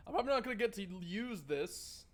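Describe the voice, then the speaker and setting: Male streamer, high pitched, sarcastic and joking, casual let's-play chat, reads game text aloud, soft game music behind. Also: big pitch swings, brisk. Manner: joking and sarcastic, chatty with viewers. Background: faint game music.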